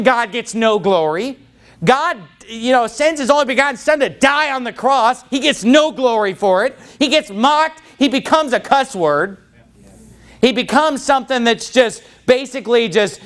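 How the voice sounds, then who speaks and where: A man preaching a fiery sermon to a congregation, whose voice climbs into shouting when he gets worked up. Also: very high-pitched. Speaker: pastor.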